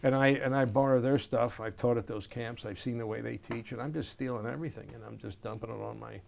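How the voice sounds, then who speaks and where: A man's voice: mid-range voice, fast, vocal fry, a little hiss or hum. A man, a jazz saxophonist and educator, telling stories in an oral history interview, acting out scenes and scatting melodies. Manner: animated storyteller, acts out scenes and scats melodies.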